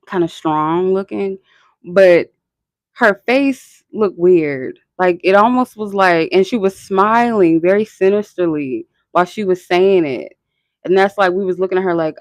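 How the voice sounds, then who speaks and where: In a casual chat with no echo, a channel host with a mid-range voice rambles and swears, filling the talk with "like" and frequent laughter.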